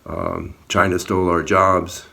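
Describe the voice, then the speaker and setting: This man's voice is low, gravelly and sharp, with a flat, unhurried delivery. He's an activist recounting an outdoor encounter in a video, telling it earnestly and plainly, at times with some heat.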